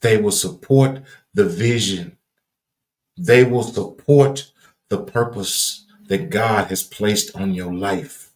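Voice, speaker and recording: A deep-voiced man with a Southern drawl talks like a preacher on his livestream. His cadence is folksy and repetitive, and he leans hard on his words. The sound carries a noticeable room echo. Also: slow pace. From Louisiana. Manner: emphatic and earnest, builds to raised emphasis. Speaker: livestream host. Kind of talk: preachy motivational talk.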